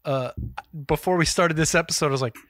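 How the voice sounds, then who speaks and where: A man's voice: on the high side, fast talker, fairly bright tone, dry recording, studio quality. A man co-hosting a cooking podcast, chatting loosely with rambling asides and swearing. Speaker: podcast co-host. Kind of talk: casual chat.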